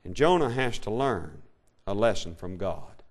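A male preacher delivering a sermon, reading scripture in an old-fashioned cadence and swinging between loud declaration and quiet asides. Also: fairly low pitch, animated, a little slow. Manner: old-style King James reading cadence.

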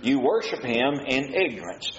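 A man's voice: medium pitch, very animated, normal speed, a bit bright. A man preaching a sermon, reading scripture aloud and asking his listeners rhetorical questions. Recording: muffled, roomy recording with faint hiss.

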